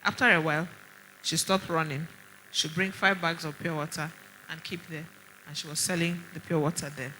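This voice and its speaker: A middle-aged Nigerian woman, a doctor, giving an animated conference talk full of stories and pointed rhetorical questions. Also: deep voice, moderate pace, a little hiss or hum, low-quality recording. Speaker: doctor speaking at a women's conference.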